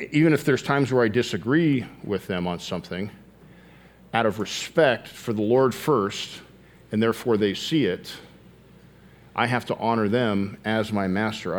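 This man preaches earnestly, slowing down to stress key phrases. His pitch rises as he tells a story.

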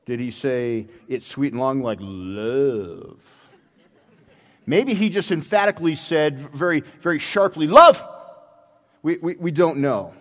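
A man preaching a sermon in a church, telling a story with many halting restarts. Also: a little high. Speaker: pastor. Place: church sanctuary. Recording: long hall reverb.

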